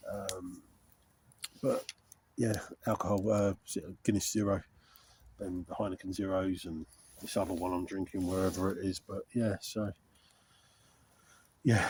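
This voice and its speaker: A man's voice: low-pitched, flat delivery, measured pace, long pauses, a little mellow, slight background noise. A middle-aged man chatting candidly and rambling to camera while camping outdoors in a frosty wood. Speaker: wild camping vlogger. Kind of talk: casual rambling chat to camera.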